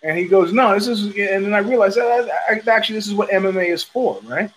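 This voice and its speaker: A man's voice: high-pitched, a bit bright, slight background noise, low-quality recording. A middle-aged man hosting a podcast, rambling through casual fight talk with many fillers, restarts and curses. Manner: rambling, halting, with frequent fillers and swearing. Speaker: podcast host. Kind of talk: casual fight commentary monologue.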